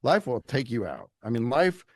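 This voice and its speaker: Middle-aged Louisiana man, coach as guest, folksy animated storyteller, average pitch, dry close sound. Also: moderate pace, dry recording. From Louisiana, United States. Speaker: leadership coach, podcast guest. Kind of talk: conversational interview.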